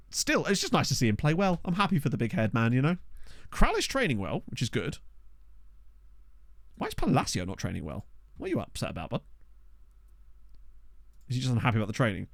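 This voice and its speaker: Lively chatty man streamer. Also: mid-range voice, brisk, creaky, long pauses, no room sound, studio quality. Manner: chatty, excitable, talks to chat. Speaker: game streamer. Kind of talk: casual let's-play commentary. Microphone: desktop USB microphone.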